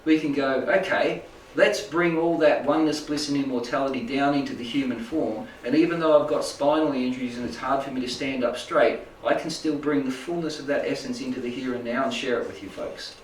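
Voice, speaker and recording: A spiritual healing teacher gives an informal talk to a small group gathered indoors, rambling loosely and often checking in with "right?" and "make sense?". His mid-range voice moves briskly with hardly any pauses. The recording has a little hiss or hum, and the distant mic picks up an echoey room.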